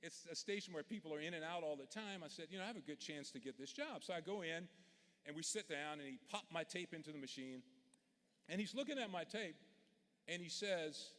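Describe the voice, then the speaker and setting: A man's voice: fairly high pitch, animated, brisk, fairly bright tone. Man in an arena. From Louisiana. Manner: folksy, earnest, direct. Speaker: commencement speaker. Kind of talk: commencement speech, storytelling. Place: large indoor arena. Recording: long reverb of a big arena.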